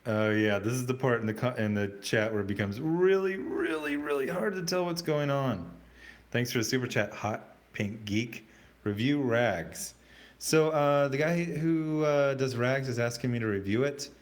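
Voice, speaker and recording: A man hosting a casual livestream, reading out chat comments in a rambling, halting way with many fillers and restarts. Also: medium pitch.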